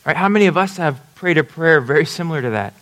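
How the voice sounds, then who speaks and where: Man, high voice, casual preacher, asks the room if they follow. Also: lively intonation, quick pace, fairly bright tone. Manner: conversational preaching with check-in questions. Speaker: pastor. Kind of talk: sermon.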